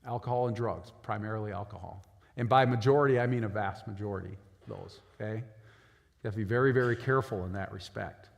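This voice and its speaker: A lawyer giving a casual, conversational talk to high school students, often checking in with "right?". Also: male voice, quick pace, vocal fry. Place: school auditorium. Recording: echoey hall with long reverb.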